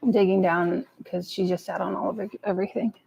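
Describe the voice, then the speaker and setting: With a cat close by, a woman sits at her home table doing a live tarot reading, talking casually, muttering and cursing freely as she draws cards. Her mid-range voice is quick, fairly even in intonation, with vocal fry and a darkish, slightly rough tone. The audio is low quality.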